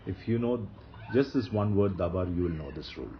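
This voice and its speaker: A man teaching grammar rules in a slide-based lecture, speaking slowly and repeating the key rules for emphasis. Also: sits low, lively intonation, highs cut off, slight background noise.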